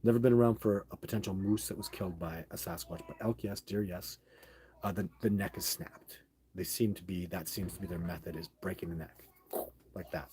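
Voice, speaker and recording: A man hosting a live stream, chatting casually and rambling as he answers viewer questions, often restarting sentences and getting excited. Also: low voice, a little fast, slight background noise.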